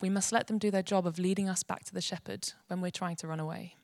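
A woman giving an earnest, gentle devotional teaching. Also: lowish voice, steady tone, quick pace, gravelly. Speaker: Bible teacher.

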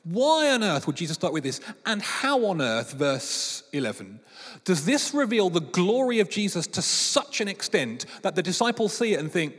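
Lively preacher in a reverberant hall. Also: male voice, high-pitched, a little fast, breathy edge. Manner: lively storytelling with playful acted voices. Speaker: pastor. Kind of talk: sermon. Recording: long reverb of a large hall.

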